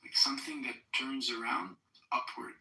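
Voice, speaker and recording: Guy fumbling for the right word, bright voice, echoey room. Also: mid-range voice, fairly even intonation, normal speed, far from the mic. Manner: searching for words, hesitant. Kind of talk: casual chat.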